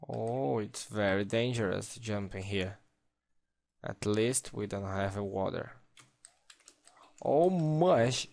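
A man's voice: fairly low pitch, takes it slowly, vocal fry, pauses often, darkish tone. A man giving casual game commentary, playful, exclaiming and talking to himself as he plays. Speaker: let's play gamer.

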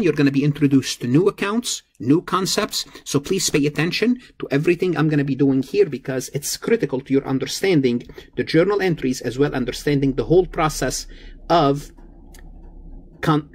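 A man's voice: fairly high pitch, husky. A man teaching an accounting lecture, explaining each step and repeating key figures, with frequent small self-corrections. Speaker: accounting instructor. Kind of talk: recorded lecture.

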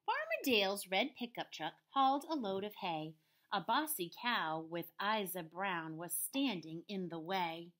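A woman teacher reading picture books aloud to young children, slow and expressive with playful voices. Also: mid-range voice.

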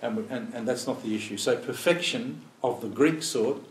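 A man's voice: mid-range voice, moderate pace. A man leading an informal Bible study. He thinks aloud, poses rhetorical questions and acts out quoted prayers. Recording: roomy, distant mic, faint room ambience.

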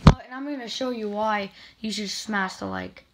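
A woman hockey video creator giving excited spin-the-wheel commentary with indignant outbursts. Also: medium pitch, moderate pace, heavy background noise.

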